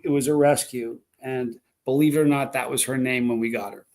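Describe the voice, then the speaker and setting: A man's voice: medium pitch, steady tone, fairly quick, a little mellow. A man hosting a live stream, rambling through stories and chatting with viewers. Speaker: livestream host. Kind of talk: casual live stream chat.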